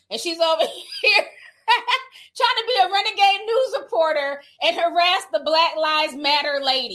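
A woman's voice: high-pitched, pushed and bright. A woman hosting her channel, giving casual gossip commentary in a sassy, slangy way with laughing asides, speaking from home at her computer.

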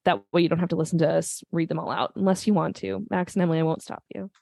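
A woman's voice: lowish voice, steady tone, racing, creaky, a little mellow, no echo. A woman from Minnesota with a Minnesota accent, a podcast guest who laughs a lot and hesitates with many ums. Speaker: magazine guest. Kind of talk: casual chat.

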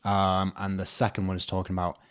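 A man's voice: low voice, brisk, smooth. A young man, a podcast guest casually telling an embarrassing dating story and acting out the voices in it. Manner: animated storyteller, acts out both sides with "I'm just like".

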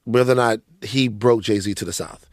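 A man's voice: lowish voice, normal speed, dry recording, clean studio sound. A man co-hosting a podcast, joking and swearing freely as he rambles in casual chat. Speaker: podcast co-host.

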